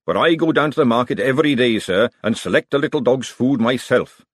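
A man voicing a brisk, no-nonsense young kitchen girl who sounds firm and a little weary. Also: medium pitch, no echo, studio quality, pitched above the performer's own voice, lightly acted. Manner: firm, weary, matter-of-fact.

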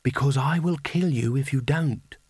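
A man's voice: mid-range voice, moderate pace, darkish tone, slightly rough, no room sound, studio quality, natural voice. A man voicing a fierce young woman fighter in a storybook reading, speaking curtly and matter-of-fact. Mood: urgent.

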